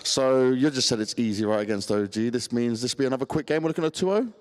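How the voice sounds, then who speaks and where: A man's voice: medium pitch, quick pace, clean tone. A man interviewing players at an esports event, teasing and upbeat.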